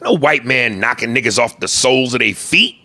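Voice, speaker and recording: Gravelly, animated comic podcast host. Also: male voice, mid-range voice, a little fast. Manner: crude, animated, mock film-director bossiness. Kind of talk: casual comedic chat.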